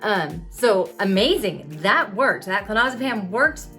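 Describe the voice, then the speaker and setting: With faint music behind her, a woman in her thirties speaks unhurriedly in a mid-range, slightly bright voice with big pitch swings. She vlogs candidly about her epilepsy, telling her personal story to camera in an open, confessional, conversational way, fillers included.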